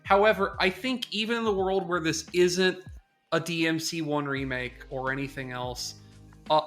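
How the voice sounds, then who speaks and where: A man on a podcast in casual gaming chat, measured and hedging with many fillers. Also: a little high, pushed and bright. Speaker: podcast co-host.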